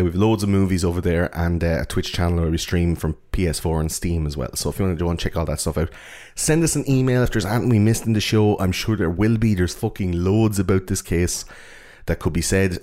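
An Irish man co-hosts a podcast in loose, joking chat, swearing now and then. His voice sits very low. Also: darkish tone. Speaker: podcast co-host.

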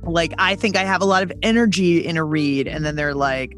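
A woman podcast host talking casually with lots of fillers and restarts, her intonation lively and all over the place. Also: lowish voice, fairly quick, few pauses, faint music behind. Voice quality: very lively intonation, wide dynamic range. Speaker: podcast host and voice coach, guest. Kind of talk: casual conversation.

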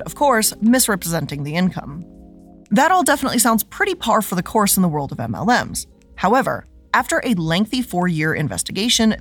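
A woman host reads her scripted narration with plenty of sarcasm and lively emphasis. Her voice sits at a middle pitch for a woman. Light music plays faintly behind her.

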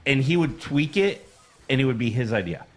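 A man co-hosting a casual podcast, agreeable and chatty, often chiming in with quick yeahs. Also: medium pitch. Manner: agreeable, lively delivery, frequent yeahs. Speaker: podcast co-host. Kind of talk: casual chat.

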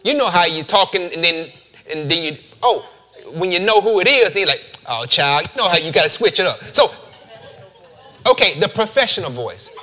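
Man, pastor, bright forceful tone, fairly high voice. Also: fairly quick. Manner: animated, playful asides to the congregation. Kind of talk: sermon with scripture reading.

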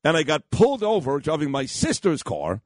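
Animated New man hosting radio. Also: on the high side, fairly quick, dry recording, clean studio sound. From New York. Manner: animated, rambling, blunt. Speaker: radio show host. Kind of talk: storytelling and opinionated chat. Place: radio studio.

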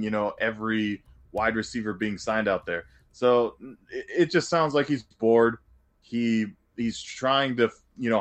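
A man co-hosting a casual sports podcast, thinking aloud with stops and repeated words. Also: on the low side. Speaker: podcast co-host.

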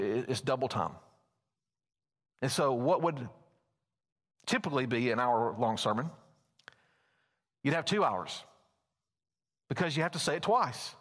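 Male pastor, middle pitch, homespun storyteller, reverberant sanctuary sound. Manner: folksy, storytelling, animated at times. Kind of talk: sermon. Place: church sanctuary. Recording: long church reverb.

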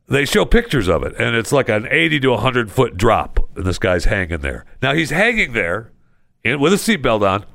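Animated, gravelly-voiced male radio host. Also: on the low side, dry recording, clean studio sound. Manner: animated storytelling, chuckling. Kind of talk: talk radio monologue.

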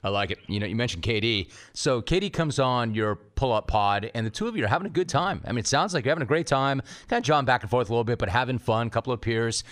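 A man's voice: medium pitch, animated, fast, hardly any pauses, fairly bright tone. A man hosting a talk radio interview, brash and playful, tossing in mock-dramatic readings. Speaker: radio talk show host. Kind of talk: interviewing a guest.

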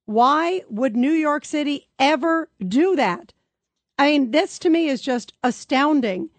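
A woman's voice: high voice, lively intonation, a little slow, no echo. A woman hosting a talk radio show, taking calls and speaking emphatically and indignantly.

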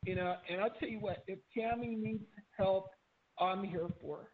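A man's voice: high-pitched, moderate pace, slight background noise. A man calling in to a chat show, talking earnestly and rambling, over a tinny phone line. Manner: earnest, rambling, with restarts and fillers. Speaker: caller. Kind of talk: casual chat.

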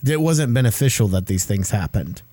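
A man's voice: on the low side, animated, fairly quick, mellow, no echo. A man co-hosting a podcast in casual chat, musing aloud in long, rambling sentences. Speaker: podcast co-host.

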